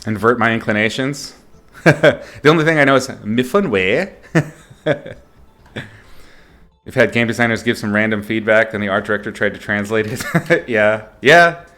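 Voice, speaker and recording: A man's voice: on the low side, normal speed, pauses often, bright, forceful tone. A man teaching art on a livestream in a casual, playful way, joking and swearing as he rambles. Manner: rambling, with fillers and restarts. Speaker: art instructor streaming.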